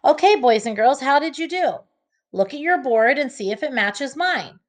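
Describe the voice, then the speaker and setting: A woman teacher giving an early reading lesson to children, slowly sounding out each letter and word. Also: high voice, lively intonation.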